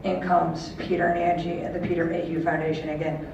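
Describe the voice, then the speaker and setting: A woman's voice: lowish voice, little pitch movement, fairly quick, vocal fry, a little mellow. A woman in her thirties tells a heartfelt personal story to an audience and acts out the voices of the people she quotes. She is heard from far off on a dull recording. The large hall around her echoes heavily. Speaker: speaker at a charity auction. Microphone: handheld camera far from the stage. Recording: distant, dull and very echoey with faint room noise.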